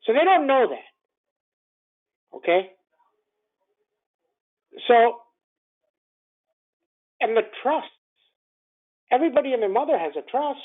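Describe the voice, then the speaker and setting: A stock trading commentator gives a morning market call over a tinny phone line, blunt, repetitive, and packed with rhetorical questions. The man's voice is very high with big pitch swings, and he talks slowly with frequent pauses.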